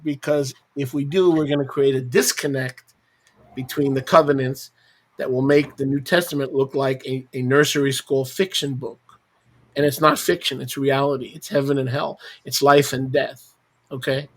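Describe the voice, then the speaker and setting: High-voiced man teaching with mocking emphasis. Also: breathy edge. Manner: emphatic, fires rhetorical questions, mocking asides. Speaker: Bible teacher leading a roundtable. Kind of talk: roundtable teaching discussion.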